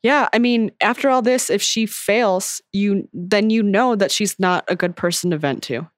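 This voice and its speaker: A woman's voice: medium pitch, normal speed, no echo. Chatty woman co-host, dry sound. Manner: chatty, full of "like" fillers and laughs. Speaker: advice podcast co-host. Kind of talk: casual chat.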